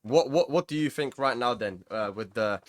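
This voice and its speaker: A man hosting a casual panel chat, telling stories quickly and animatedly with a lot of repeated words. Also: medium pitch, no echo. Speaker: host.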